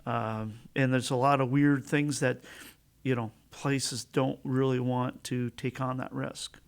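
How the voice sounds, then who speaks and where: An easygoing man from northern Minnesota talks as a guest on a radio show, soft-spoken and hesitant, with plenty of fillers. His voice has a gravelly edge and sits at a middle pitch. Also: little pitch movement, a little slow. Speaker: insurance agent guest. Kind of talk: casual interview chat. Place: community radio studio.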